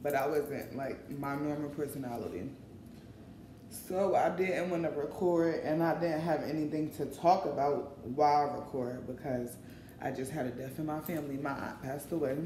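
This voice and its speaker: A woman's voice: low-pitched, moderate pace, mellow, reverberant, a little hiss or hum. A woman vlogger talking casually and informally to her viewers, often calling them y'all. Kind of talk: casual vlog chat. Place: in line at a shopping mall coffee shop.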